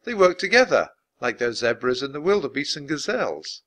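A man's voice: medium pitch, very animated, brisk, fairly bright tone, pitched above the performer's own voice. A man voicing Jack, a cautious, bookish young boy, in a slightly raised, earnest storybook voice.

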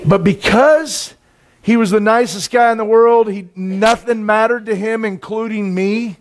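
A middle-aged man preaching a sermon in a conversational, intense way, with sudden loud bursts. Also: sits high, measured pace. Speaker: pastor.

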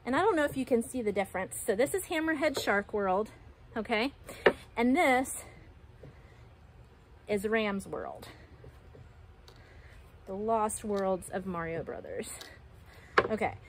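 A woman's voice: on the high side, slight background noise. A young woman teaching pottery in a casual, chatty, playful way while she works at a table in a studio, a little out of breath. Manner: chatty, playful, self-deprecating. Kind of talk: casual demonstration lesson.

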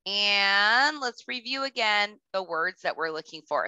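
A woman kindergarten teacher leading a recorded lesson for young children, speaking slowly and clearly, with patient prompts. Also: mid-range voice, expressive, pushed and bright, dry recording. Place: home. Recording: slightly dull lo-fi audio.

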